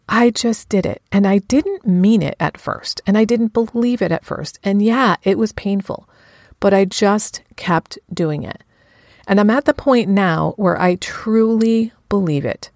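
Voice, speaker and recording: A woman's voice: medium pitch, a little slow, a little mellow, dry recording, clean studio sound. A woman giving a frank, earnest self-help talk about her own practices, with casual swearing.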